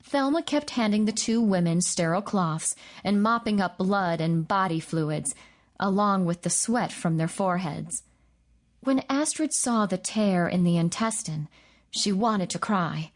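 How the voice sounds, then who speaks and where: A woman reading a novel aloud in a steady, measured audiobook narration. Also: mid-range voice. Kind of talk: scripted narration.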